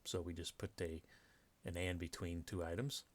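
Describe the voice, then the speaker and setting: A man's voice: sits low, little pitch movement, moderate pace. A man giving a step-by-step lecture on punctuation from slides, with frequent fillers and restarts. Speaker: writing teacher. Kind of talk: slide-based grammar lecture.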